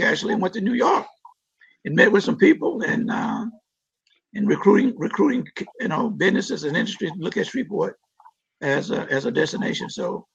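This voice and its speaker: A man with a raised, gravelly voice and a husky edge, talking about his community in an earnest, emphatic way. He often repeats words as he pushes a point. The audio is dull and lo-fi, like a live stream. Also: high voice, fairly bright tone. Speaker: city council member guest. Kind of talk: interview answers about community issues.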